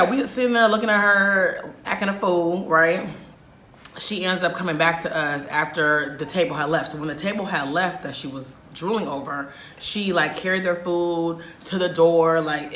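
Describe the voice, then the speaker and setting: A woman vlogger telling a story in an animated, emphatic way, swearing often. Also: on the low side, normal speed, roomy sound, slight background noise. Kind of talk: storytime vlog.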